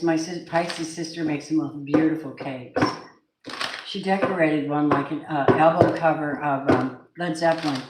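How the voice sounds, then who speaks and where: With a deep voice, fairly even intonation and a moderate pace, a woman does a live tarot reading amid roomy acoustics and heavy background noise. She's gushing toward her audience and curses from time to time.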